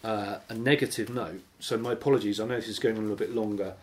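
A man leading a Bible study, teaching in a conversational, animated way. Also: lowish voice, fast, a little hiss or hum. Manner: conversational, animated, acts out imagined voices. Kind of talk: informal teaching sermon.

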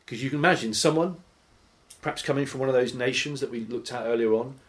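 Man, Bible study leader, mid-pitched, conversational and lively teaching delivery. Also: fast. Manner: conversational, animated, acts out imagined voices. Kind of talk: informal teaching sermon.

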